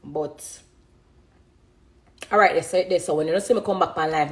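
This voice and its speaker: A woman's voice: low-pitched, moderate pace. Jamaican lady in her 30s chatting on her phone live, answers comments, laughs a lot. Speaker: dancehall artist on a live stream. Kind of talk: casual live-stream chat.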